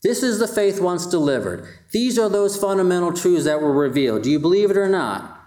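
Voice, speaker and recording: A man's voice: high-pitched, lively intonation, a little fast, mellow, roomy sound. A man delivering a sermon in a conversational style and putting rhetorical questions to his congregation. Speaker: pastor.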